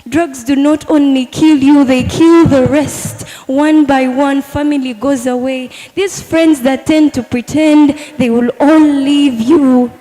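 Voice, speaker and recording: A woman's voice: high voice, steady tone, takes it slowly, hardly any pauses, dark tone, faint music behind. A teenage girl performing an earnest spoken word poem at a live competition, speaking straight to a friend. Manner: earnest, addressing a friend directly in verse. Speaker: student poet. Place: large hall at a live competition. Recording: echoey hall with long reverb.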